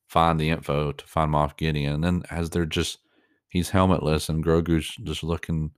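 A man's voice: extremely low pitch, smooth, dry recording, studio quality. A man giving reaction commentary on a show, earnest and openly moved, rambling with many fillers and restarts.

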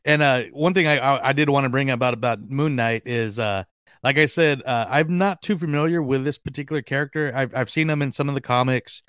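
A man hosting a fan podcast in casual chat, excitable and rambling, with lots of fillers and restarts. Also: medium pitch, fairly quick, clean tone, dry recording, studio quality. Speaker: podcast host.

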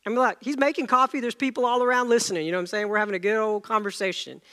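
A middle-aged man preaching a sermon, telling a story and acting out the dialogue with lively energy. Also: sits high, very fast. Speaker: pastor.

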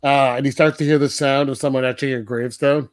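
A man's voice: medium pitch, fairly even intonation, fast. A man co-hosting a podcast, loosely retelling a film in casual chat with lots of fillers and frequent laughs. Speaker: podcast co-host. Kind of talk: casual movie discussion.

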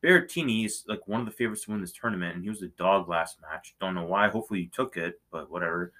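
A man's voice: sits low, fast talker, bright, forceful tone. A man co-hosting a sports betting talk show, easygoing and agreeable, often checking with a tag question. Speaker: sports betting podcast co-host. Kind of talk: casual banter about tennis odds.

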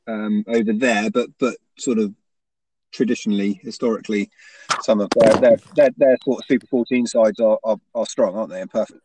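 Hesitant man, low dry voice. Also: warm tone, slightly rough, no echo. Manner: hesitant, many restarts and tag questions. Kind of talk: casual rugby chat.

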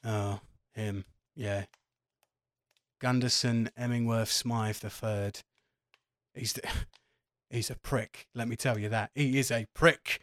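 A man's voice: mid-range voice, steady tone, slow pace, long pauses, fairly bright tone, dry recording. A man playing a chatty, foul-mouthed barman who gossips and swears freely. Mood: gossipy. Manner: swears a lot, gossipy, confiding.

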